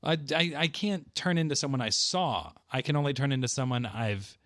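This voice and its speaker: A man's voice: mid-range voice, expressive, moderate pace, fairly bright tone, no echo, clean studio sound. A man playing a tabletop game, talking hesitantly and stammering now and then. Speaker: player. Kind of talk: casual tabletop game chat.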